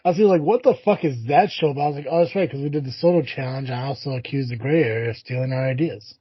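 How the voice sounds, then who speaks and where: Podcast co-host: a man with a husky voice, loose and profane, on a dull, muffled recording. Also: medium pitch, quick pace, no room sound. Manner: loose, swearing, rambling with fillers. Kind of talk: casual chat.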